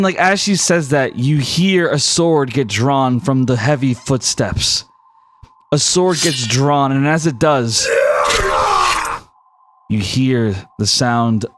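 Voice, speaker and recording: A man's voice: mid-range voice, slow pace. A man narrating a tabletop game as game master, dramatically describing scenes.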